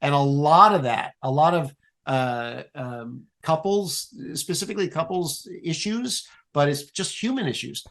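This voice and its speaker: A man guest on a podcast, explaining an improv exercise in a playful, animated way and swearing casually. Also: fairly high pitch, unhurried.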